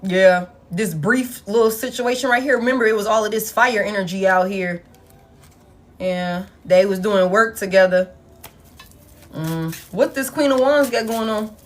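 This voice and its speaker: A woman giving a collective tarot reading, blunt, profane and animated, talking straight to her viewers. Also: medium pitch, measured pace. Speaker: tarot reader.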